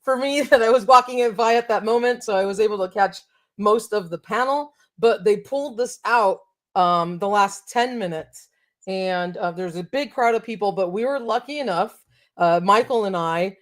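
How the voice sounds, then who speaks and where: A woman's voice: mid-range voice, moderate pace. Chatty enthusiastic woman co-hosting. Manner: enthusiastic, chatty with many fillers. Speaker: co-host of toy show. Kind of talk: casual chat.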